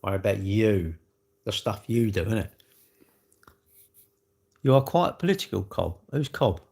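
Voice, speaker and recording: A man's voice: on the low side, lively intonation, unhurried, creaky, darkish tone. A British man chatting casually on a livestream, rambling animatedly with slang as he answers viewers' comments. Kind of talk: casual live-stream chat.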